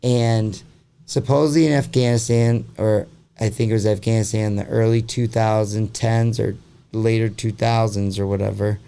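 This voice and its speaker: A man's voice: on the low side, gravelly, warm tone, smooth. A man hosting a podcast in casual chat, rambling with lots of fillers and swearing freely. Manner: rambling, heavy on fillers like "like" and "you know". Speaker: podcast host.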